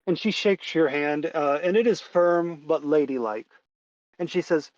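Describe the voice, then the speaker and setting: A man narrating a tabletop game as game master, in a relaxed way with lots of fillers. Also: fairly high pitch, a little slow, no room sound, highs cut off.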